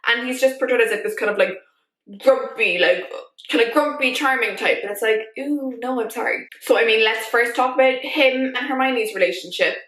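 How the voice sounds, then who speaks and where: A woman vlogger talking in a casual, animated way, full of fillers as she shares her opinions. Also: on the high side, moderate pace. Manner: chatty, animated, many fillers like "like". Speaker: YouTube vlogger. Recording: echoey room.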